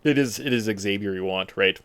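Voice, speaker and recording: A man hosting a podcast in casual chat, animated and joking. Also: lowish voice, fairly quick, clean tone, dry recording. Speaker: podcast host.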